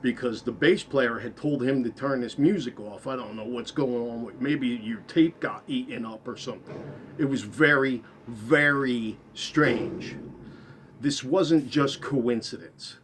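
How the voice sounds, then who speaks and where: A man with a mid-range voice tells his own story at a measured pace, though he wanders, repeats things, and corrects himself. His voice drops away quietly as phrases end, over slight background noise.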